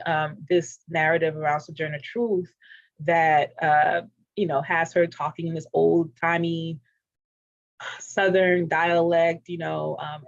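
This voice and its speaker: A panel speaker giving an unscripted convention talk, halting, with many fillers, restarts and repeated words. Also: mid-range voice, no room sound. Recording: dull, dry sound.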